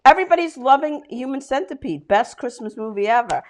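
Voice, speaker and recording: A woman's voice: sits high, lively intonation, brisk. A woman comedian co-hosting a casual chat show, reading out viewer comments and chatting in a giggly, self-deprecating way. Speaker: comedian and co-host.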